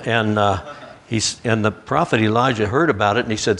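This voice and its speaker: A middle-aged man preaching a sermon in a church, telling stories with lots of restarts and lively quoted voices. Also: fairly low pitch, a little fast.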